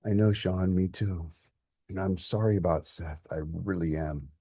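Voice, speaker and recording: A man voicing a dying older father who speaks softly, weary and gentle, at peace. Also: low voice, measured pace, slightly rough, no echo, studio quality, full character voice.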